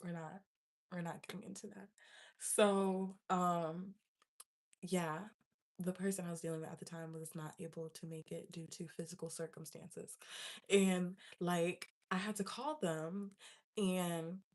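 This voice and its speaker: In a lowish, unhurried voice, a young woman vlogger casually recounts a story for her viewers. She's full of energy, frequently laughing and reenacting the panic she felt back then.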